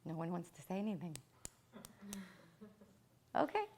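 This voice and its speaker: A woman's voice: on the low side, sing-song, measured pace, a little mellow, a little hiss or hum. A woman lecturing a live class, stressing points by repeating them and asking rhetorical questions. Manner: emphatic, repeats key phrases, asks rhetorical questions. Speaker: teacher.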